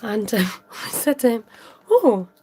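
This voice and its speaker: Woman, chatty craft tutorial, gravelly warm voice, faint room hiss. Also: mid-range voice, unhurried. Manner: chatty, giggly, talks while working. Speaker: papercraft demonstrator. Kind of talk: casual crafting tutorial chat.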